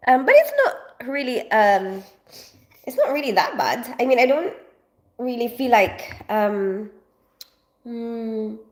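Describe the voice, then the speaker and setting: A woman's voice: a little high, sing-song, takes it slowly, pauses often. A woman in her forties from the Philippines, chatting casually with viewers on a home livestream, with a stuffy nose from allergies and a rambling, filler-heavy way of talking. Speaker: livestream host. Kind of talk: casual live chat with viewers.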